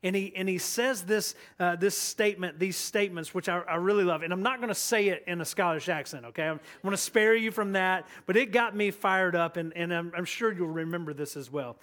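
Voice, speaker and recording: Eager high-voiced preacher. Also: male voice, fairly quick, few pauses, fairly bright tone. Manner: earnest, eager, with frequent restarts. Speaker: guest preacher, associate pastor. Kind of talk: sermon. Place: church sanctuary.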